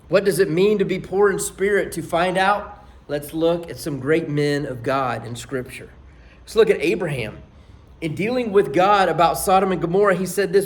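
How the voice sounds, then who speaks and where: A man's voice: a little high, normal speed. A male pastor delivering a sermon, reading scripture with rising force and dropping to near whispers for emphasis. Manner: emphatic preaching that rises for scripture quotes and drops to near whispers.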